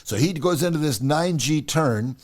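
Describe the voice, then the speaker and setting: Animated male storyteller with lively pitch. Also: normal speed. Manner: animated, acts out the dialogue. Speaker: podcast host. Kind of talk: casual personal storytelling.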